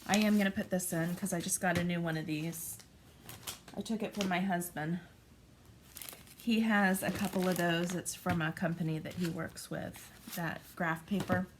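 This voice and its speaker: Lowish voice, woman in her 40s rambling through a craft how-to, lots of ums, noisy background with paper crinkling. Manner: chatty, thinks aloud with frequent ums. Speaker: craft vlogger. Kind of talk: casual craft tutorial.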